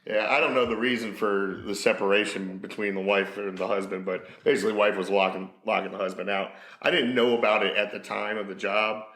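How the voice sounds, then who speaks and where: A man, a locksmith guest, telling a job story at an unhurried pace with many pauses. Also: on the low side, steady tone, a bit bright. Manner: unhurried, halting, with fillers. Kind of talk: casual podcast storytelling. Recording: roomy echo.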